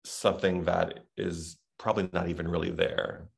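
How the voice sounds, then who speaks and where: A middle-aged Southern man chats as a podcast guest, thinking aloud and circling back on his words. His voice sits very low and carries a gravelly rasp. He talks in a casual, reflective way. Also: little pitch movement, normal speed. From Texas, USA. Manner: reflective, rambling with many restarts and fillers. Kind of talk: casual interview chat.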